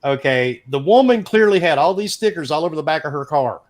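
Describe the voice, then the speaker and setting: A middle-aged man, casually telling a profane, animated story as a podcast host. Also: on the high side, brisk. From American South.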